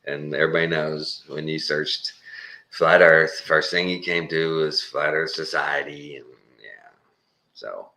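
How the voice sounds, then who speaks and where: A man's voice: a bass voice, a little slow, pushed and bright. A Texan man talking in a rambling, casual monologue, chuckling and mimicking other people's voices as he goes. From Texas. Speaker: channel host.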